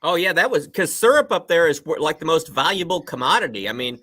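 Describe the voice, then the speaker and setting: A man chatting on a live beer stream, animated and opinionated. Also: fairly high pitch, fairly quick, slightly rough. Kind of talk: casual chat.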